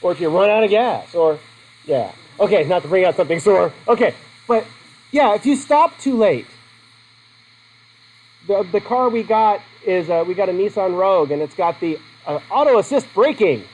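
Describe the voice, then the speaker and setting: High-voiced middle-aged male teacher lecturing. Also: animated, normal speed, a little mellow, rough recording. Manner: joking, conversational, asks the class questions. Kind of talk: classroom lecture. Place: classroom.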